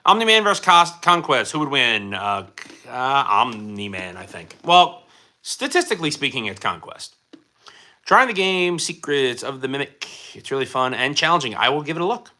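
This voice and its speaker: A man's voice: medium pitch, big pitch swings, normal speed, bright, forceful tone. A young man hosting a casual livestream, reading out viewer comments and rambling with lots of fillers and restarts. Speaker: livestream host. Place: indoor room under bright lighting.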